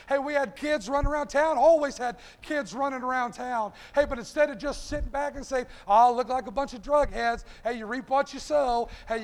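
A fervent preacher with a strikingly high voice, pleading with his congregation and peppering each line with "hey." His voice rings out with a long echo, as if through a big church. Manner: impassioned, repeats "hey" constantly. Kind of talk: sermon. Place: church sanctuary. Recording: long hall reverb.

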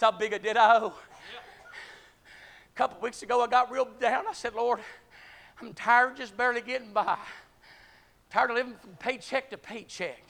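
High, gravelly preacher shouting. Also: male voice. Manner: call-and-response, rising to shouting peaks. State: out of breath. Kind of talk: sermon.

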